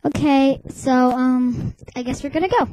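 A woman's voice: sits high, unhurried, mellow, a little hiss or hum, poor audio. A woman hosting a homemade webcam show in a playful, rambling way, often dropping into a whisper. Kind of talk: casual webcam chatter.

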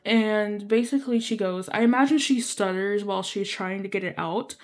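A woman's voice: medium pitch, moderate pace, darkish tone. Young woman gaming creator, rambling, filler-heavy storyteller who keeps apologizing. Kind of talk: casual storytelling while playing.

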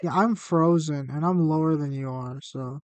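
A man's voice: on the high side, moderate pace, a little mellow, no room sound. A young man chatting casually while gaming with his girlfriend, joking and teasing her. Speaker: streamer's boyfriend.

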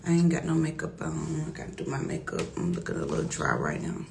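A middle-aged woman talking casually on a livestream, loud and animated, laughing often. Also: extremely low pitch, quick pace, creaky, a little hiss or hum. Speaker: livestream host. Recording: echoey room with music behind.

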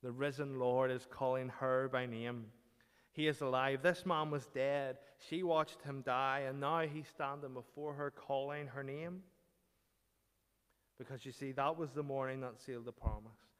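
A man preaching with dramatic, emphatic phrasing, his voice smooth and resonant. The sound carries a long reverb from the church around him. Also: medium pitch, fairly even intonation, measured pace, fairly bright tone. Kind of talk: sermon.

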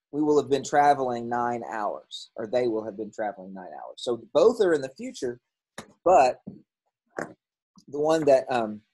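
A male teacher walks through a grammar lesson in a casual, explanatory voice. His tone is a little husky, and he pauses on frequent ums and catches his own slips. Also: mid-range voice, mellow, low-quality recording. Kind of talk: recorded classroom lesson.

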